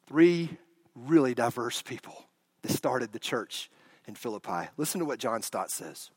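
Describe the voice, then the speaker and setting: A man preaching a sermon, telling the story with animated swings from loud bursts to hushed lines. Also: mid-range voice, a little slow, breathy edge, no room sound.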